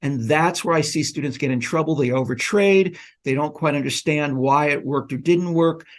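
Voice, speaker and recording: A man's voice: a little high, moderate pace. A man talking earnestly as a guest educator in a casual conversation. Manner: earnest, instructive. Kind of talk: casual chat.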